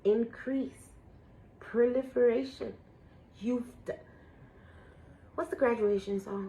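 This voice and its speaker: Lady doing a tarot read, kinda high voice, gets all worked up then goes quiet and awed, faint hiss behind. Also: slow pace, long pauses, poor audio. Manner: emotional, swinging from excited squeals to hushed awe; casual and profane, addresses viewers as guys. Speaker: tarot reader. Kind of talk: spiritual tarot reading to viewers.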